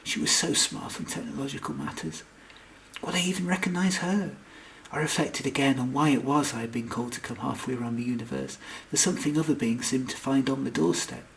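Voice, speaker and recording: A man reading a comic science fiction audiobook with wry, expressive narration. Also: medium pitch, fast, vocal fry, hardly any pauses. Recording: echoey room, distant mic, faint noise.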